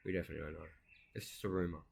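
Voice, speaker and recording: A man with a loud, ranting way of talking, swearing through crude casual banter and jokes as co-host. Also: deep voice, steady tone, racing, vocal fry, breathy edge.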